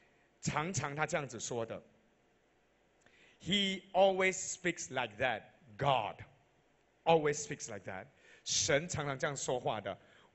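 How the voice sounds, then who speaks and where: High bright-voiced Malaysian man preaching. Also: sing-song, measured pace, pauses often. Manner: repeats each point in two languages, rising to loud emphatic peaks. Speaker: pastor. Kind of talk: bilingual sermon.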